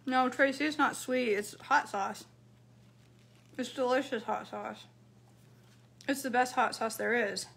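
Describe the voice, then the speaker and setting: A woman's voice: fairly high pitch, a little slow, creaky, long pauses, a bit bright, breathy edge. A woman chatting to her viewers while cooking and eating, answering their comments. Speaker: cooking vlogger. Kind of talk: casual cooking vlog chat.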